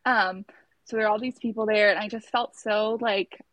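A woman's voice: medium pitch, steady tone, normal speed, a bit bright, no echo. A young adult woman, a labor and delivery nurse, casually telling her birth story in a chatty way. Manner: chatty, acts out quotes in a raised voice.

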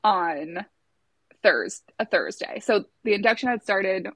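A woman's voice: medium pitch, expressive, slow pace, fairly bright tone, husky, no echo. Chatty woman telling a story, dry close sound. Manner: chatty, many filler "like"s, acts out quotes. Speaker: guest telling her birth story. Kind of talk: casual storytelling.

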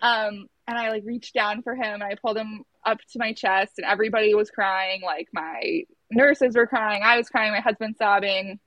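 A woman's voice: mid-range voice, steady tone, moderate pace, few pauses, a bit bright, no room sound. A young adult woman, a labor and delivery nurse, casually telling her birth story in a chatty way. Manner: chatty, acts out quotes in a raised voice.

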